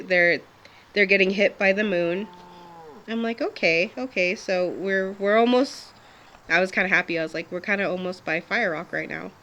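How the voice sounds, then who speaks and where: A young woman recounts a personal story in a loose, conversational way. She talks chattily, with plenty of fillers, restarts and little laughs, at a middle pitch. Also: sharp tone. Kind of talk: casual spoken storytelling.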